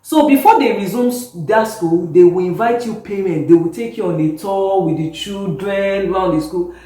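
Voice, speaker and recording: Animated woman guest in an echoey room. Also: medium pitch, moderate pace. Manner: animated storyteller, laughs often. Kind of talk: casual interview chat. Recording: very echoey room, distant mic.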